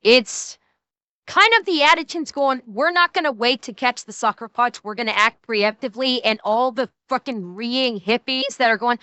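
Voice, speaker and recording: A woman streamer reacts live, talking in long, rambling runs full of swearing and blunt opinions. Her voice sits high and sounds bright and crisp, and the dry mic keeps her right up close. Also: normal speed, no room sound. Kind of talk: casual live-stream commentary.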